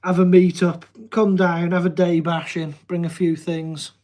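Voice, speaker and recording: A man's voice: on the high side, little pitch movement, unhurried, darkish tone. Easygoing man with a Midlands twang. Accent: Midlands English, Telford, with a slight Welsh tinge. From Telford, English Midlands. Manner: chatty, easygoing, jokey, with frequent "um" and "yeah". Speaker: livestream host. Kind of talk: casual livestream chat answering viewer comments.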